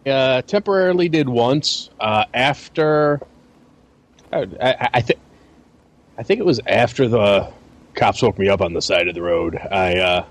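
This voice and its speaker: A man in a casual podcast chat, talking hesitantly and stammering over repeated words. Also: medium pitch. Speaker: podcast co-host.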